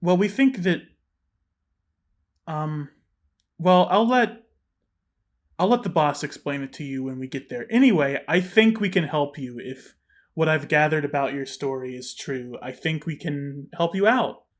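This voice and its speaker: An earnest woman traveler who coaxes and rambles, trailing off mid-sentence, as a man puts her on for a tabletop game. The voice sits a little high. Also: expressive, measured pace. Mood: reassuring. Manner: coaxing, rambling, self-interrupting. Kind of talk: tabletop game role-play.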